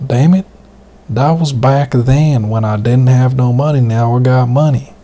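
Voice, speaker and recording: A man voicing a gruff old grandfather with an exaggerated Southern US accent, cursing as he talks. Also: medium pitch, measured pace, close to an everyday voice. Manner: gruff, swearing, loud.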